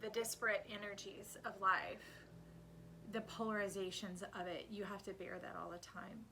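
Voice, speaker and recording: A woman at an ordinary middle pitch talks through a tarot spread like a coach, urging the listener on. Now and then she breaks into loud, emphatic bursts. A faint hum sits under the recording. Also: moderate pace, gravelly. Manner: animated, coaching, voices the cards with sudden loud outbursts. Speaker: intuitive tarot reader. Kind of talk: tarot reading monologue.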